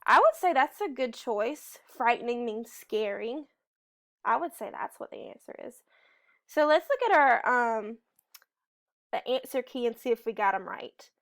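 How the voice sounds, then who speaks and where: Slow musing woman teacher thinking aloud. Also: on the high side, expressive, a bit bright. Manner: slow, musing, reads sentences aloud carefully. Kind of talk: reading lesson think-aloud.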